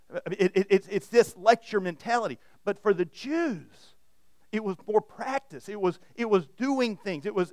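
High-voiced, smooth-toned male preacher. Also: dry recording, studio quality. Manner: storytelling, repeats and restarts words. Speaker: pastor. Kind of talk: sermon. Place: church hall with audience.

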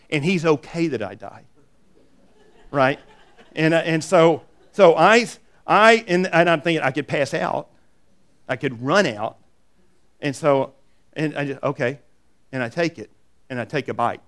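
A middle-aged man preaching a sermon, telling stories with emphatic repeats and quick asides. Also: a little high, animated, fairly bright tone. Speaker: pastor.

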